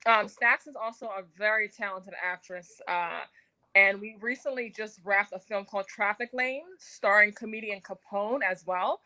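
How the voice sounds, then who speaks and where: Brief: actress guest, woman, bright voice, chatty with fillers. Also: medium pitch, normal speed, poor audio. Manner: talkative, many fillers. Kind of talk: casual radio interview.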